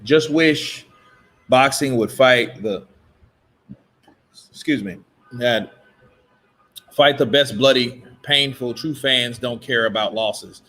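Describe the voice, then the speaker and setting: A man's voice: mid-range voice, takes it slowly, pauses often, sharp tone. A man hosting a casual boxing chat, swearing freely and talking loosely with his viewers. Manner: profane, laughing, mimics boxers' voices. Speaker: boxing commentary host. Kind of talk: casual live-stream chat.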